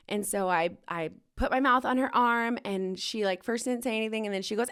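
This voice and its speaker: A woman's voice: on the high side, a little fast, few pauses, a bit bright, clean tone. A young adult woman hosting a podcast, telling a personal story to her listeners candidly and with strong emotion, breaking into rueful laughs. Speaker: podcast host.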